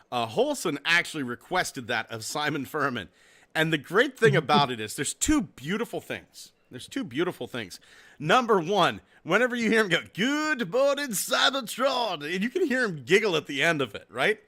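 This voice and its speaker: A man's voice: fairly high pitch, very animated, a little fast, pushed and bright. A man hosting a casual podcast, laughing and swearing as he chats with guests. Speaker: podcast host. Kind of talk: casual chat.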